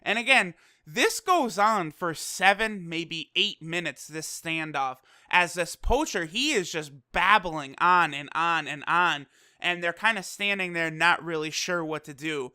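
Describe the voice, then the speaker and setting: Bright, smooth-voiced anime reviewer. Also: medium pitch, animated, measured pace, no room sound, clean studio sound. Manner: chatty, swears casually, laughs easily; loose, full of fillers like "you know". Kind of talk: casual episode recap and review.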